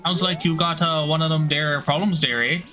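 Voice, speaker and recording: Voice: mid-range voice, fairly even intonation, fairly quick, pushed and bright, soft background music, lightly acted. A streamer putting on an exaggerated Canadian accent as a folksy, over-friendly guy who tags every line with "there" and "eh". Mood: folksy teasing. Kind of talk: joking voice while livestreaming a game.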